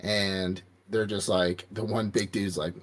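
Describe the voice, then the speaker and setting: A man's voice: lowish voice, level tone, takes it slowly. A man casually recapping an anime on a podcast, rambling and profane, acting out quotes from the characters. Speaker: podcast co-host. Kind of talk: casual anime review chat.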